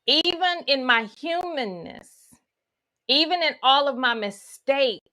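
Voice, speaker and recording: Woman, spiritual teaching talk, folksy asides, slightly high voice, bright tone. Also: lively intonation, takes it slowly. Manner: guides listeners through imagery, with folksy asides.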